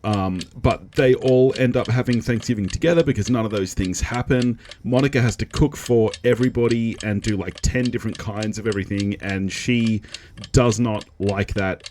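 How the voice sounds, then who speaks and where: A man's voice: fairly low pitch, a little mellow, slight background noise. A man co-hosting a podcast, joking, laughing often and poking fun at himself. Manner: jokey, laughs often, self-deprecating. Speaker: podcast co-host. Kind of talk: casual chat.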